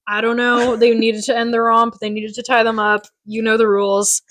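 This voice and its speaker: A woman co-hosting a podcast, recapping a TV episode in casual chat with animated, giggly asides. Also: fairly high pitch, normal speed, dry recording. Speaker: podcast co-host.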